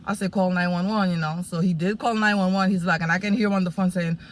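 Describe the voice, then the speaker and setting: A woman sharing a personal testimony in casual, animated storytelling, full of fillers and acted-out quotes. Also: fairly low pitch, fast, slight background noise. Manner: animated, acts out quoted speech, many fillers.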